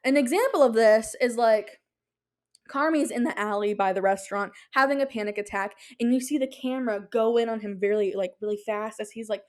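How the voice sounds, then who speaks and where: Young woman podcast host, kinda high voice, rambly and excited, lots of filler words. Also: fairly quick. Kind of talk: casual chat.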